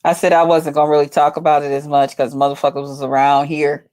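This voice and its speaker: A woman's voice: low voice, little pitch movement, fast, darkish tone, no room sound. A woman chatting casually to her viewers on a phone livestream from home, rambling and swearing freely. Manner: rambling, profane, talks straight to viewers.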